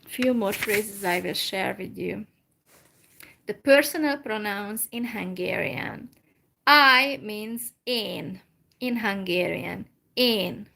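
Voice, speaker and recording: Slow, careful woman teaching phrases. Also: a little high, vocal fry, a bit bright. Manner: slow and careful, repeats phrases, many fillers. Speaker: language teacher. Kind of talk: slow informal language lesson.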